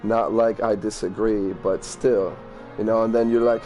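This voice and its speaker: A man's voice: lowish voice, steady tone, unhurried, dark tone, faint music behind. A man casually commenting on a game he plays, reading its lines aloud, rambling, swearing and stumbling over hard words. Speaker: let's play gamer.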